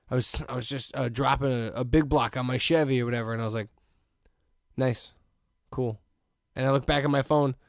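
A man's voice: mid-range voice, creaky, no echo, clean studio sound. A man co-hosting a podcast in casual chat, animatedly telling a story and acting out the people he quotes. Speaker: podcast co-host.

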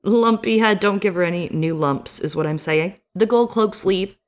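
A woman's voice: medium pitch, normal speed. A young woman co-hosting a book podcast, recapping the chapter in a playful, jokey way. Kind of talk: casual book discussion.

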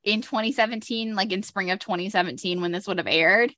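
A woman co-hosts a podcast in casual chat, talking bluntly with plenty of filler words. Her voice is bright and forceful. The sound is dry and close. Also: mid-range voice, brisk, dry recording. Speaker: podcast co-host.

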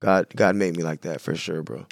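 A man from San Diego, a guest on a podcast, talking in a casual, animated, slangy way. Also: sits low, moderate pace, creaky, no room sound. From San Diego, California. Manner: animated, slangy, says "bro" and "you know what I'm saying" a lot. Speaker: podcast guest, clothing brand owner. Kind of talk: casual conversation.

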